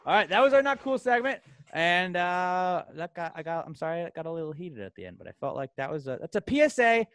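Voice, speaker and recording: A young man co-hosting a podcast, ranting loudly and angrily with lots of swearing. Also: high voice, big pitch swings, quick pace, no room sound. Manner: profane, loud, angry ranting. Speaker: podcast co-host. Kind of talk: heated rant on a podcast.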